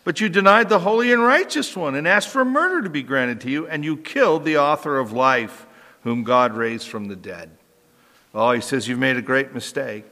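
Bright-voiced preacher in an echoey hall. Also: male voice, mid-range voice, normal speed. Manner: animated preaching, reading scripture aloud to a congregation. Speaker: pastor. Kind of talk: sermon.

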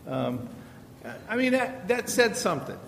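A man's voice: big pitch swings, unhurried, vocal fry, a bit bright. A middle-aged man giving an informal Bible-based parenting lesson, talking conversationally and repeating rhetorical questions. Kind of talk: informal teaching talk. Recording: reverberant hall with faint rumble.

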